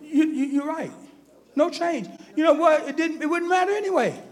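High-voiced preacher. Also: male voice, normal speed. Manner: shifts from quiet asides to shouted preaching. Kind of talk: fiery sermon.

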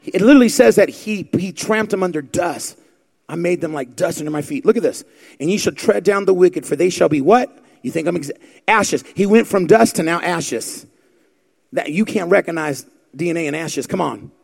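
A man's voice: high-pitched, animated, moderate pace, creaky, darkish tone. A middle-aged male pastor preaching a fervent sermon, quoting scripture and firing rhetorical questions at the congregation.

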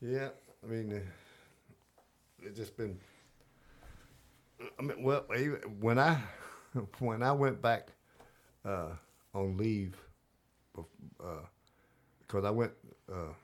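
A man's voice: lowish voice, takes it slowly, pauses often. A man from North Carolina with a Southern accent, a rambling storyteller in a casual podcast chat, full of fillers and restarts. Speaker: podcast guest, army veteran.

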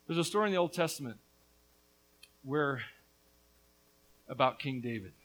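A man preaching a sermon as a pastor, earnest with casual asides, his voice swinging between hushed and loud. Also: mid-range voice, animated, moderate pace, poor audio.

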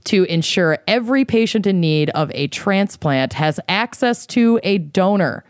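A woman's voice: medium pitch, animated, unhurried, dry recording, studio quality. A woman co-hosting a podcast, chatting and joking with friends, then earnestly reading a listener's plug for a cause. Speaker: podcast co-host.

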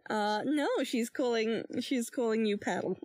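A woman's voice: fairly high pitch, measured pace, darkish tone, no echo, studio quality. A young woman player narrating a tabletop game in a rambling, laid-back way with many fillers.

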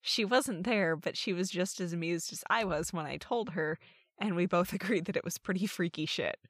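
A woman co-hosting a casual podcast, chatting and reading listener stories aloud. Her voice sits a little low, and her delivery is wry and amused. The recording is dry and close, with no room sound. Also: normal speed, no echo.

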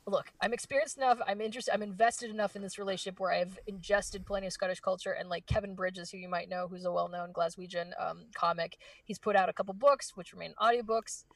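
A woman voice actress chatting in an interview with a gravelly, creaky texture. She rambles happily, stacking fillers and restarts. The sound is dry but a little distant from the mic. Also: medium pitch, steady tone, fast, few pauses, no room sound. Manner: chatty, lots of likes and restarts. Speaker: voice actress guest. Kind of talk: casual interview chat.

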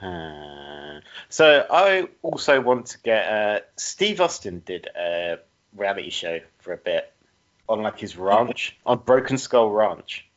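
A laid-back man co-hosts a podcast, his pitch swinging up and down as he chats. The mic sounds dull and lo-fi. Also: very animated, takes it slowly, a bit bright. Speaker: podcast co-host. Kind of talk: casual chat.

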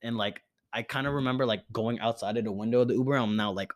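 A man's voice: medium pitch, fast. Young guy podcast host, rambling party story, says like a lot, swears. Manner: animated storytelling, lots of filler "like", swearing. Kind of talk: casual chat.

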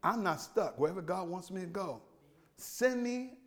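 Man, pastor, sermon in church, high pitched, call-and-response, shouting at times. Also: expressive, moderate pace. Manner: plain folksy speech, coaxing the congregation. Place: church sanctuary.

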